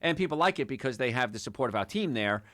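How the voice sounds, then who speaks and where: A man's voice: mid-range voice, lively intonation, quick pace, a bit bright, dry recording, studio quality. A man hosting a call-in health radio show, chatty, upbeat and jokey, rambling from one point to the next. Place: radio studio.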